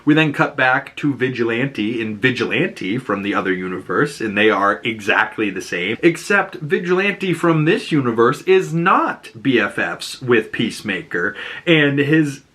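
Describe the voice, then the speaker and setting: A man's voice: mid-range voice, sing-song, measured pace, fairly bright tone. A man casually recapping a TV episode, chatty and profane, acting out the characters' lines as he goes. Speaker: TV show reviewer.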